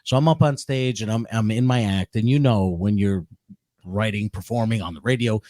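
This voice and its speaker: A man's voice: fairly low pitch, moderate pace, dark tone, dry recording, clean studio sound. Rambling middle-aged male comedian storyteller. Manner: rambling, self-interrupting storyteller with repeated restarts. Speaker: podcast co-host and comedian. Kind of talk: casual storytelling chat.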